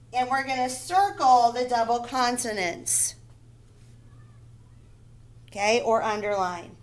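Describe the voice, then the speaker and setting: A woman teaching first graders in a recorded phonics lesson, with a voice a little higher than most. She speaks slowly and deliberately, repeating each word and spelling it out letter by letter. She often checks in with "okay?" and "right?". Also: fairly bright tone.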